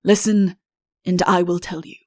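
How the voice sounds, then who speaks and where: A woman voicing a self-pitying, deposed male king in an audiobook, speaking slowly and earnestly. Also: lowish voice, level tone, warm tone, no room sound, studio quality, natural voice. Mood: plaintive. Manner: slow, earnest, imploring delivery. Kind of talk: audiobook character reading.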